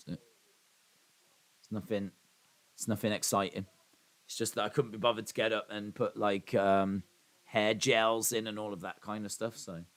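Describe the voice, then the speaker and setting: A man's voice: fairly low pitch, level tone, measured pace, long pauses, a bit bright. A man hosting a live watch-along stream. He reads chat messages aloud and rambles in a self-deprecating way.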